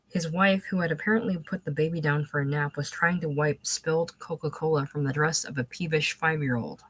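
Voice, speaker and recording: A woman reads a literary novel aloud in a measured, even way. Her voice sits low and the recording is dry and close, with no room sound. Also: breathy edge, no echo, poor audio. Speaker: audiobook reader. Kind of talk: literary audiobook narration.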